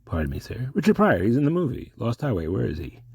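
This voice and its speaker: A man hosting an absurd comedy sketch, rambling and halting in a mock-formal way. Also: medium pitch, big pitch swings, vocal fry, darkish tone, husky, no room sound.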